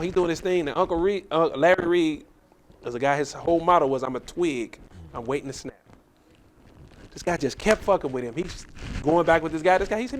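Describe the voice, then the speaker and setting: A man, a comedian guest, telling profane, animated stories about comedy shows on a podcast. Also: fairly high pitch, fast, slight background noise. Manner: profane, animated storytelling with acted quotes. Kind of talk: casual storytelling on a podcast.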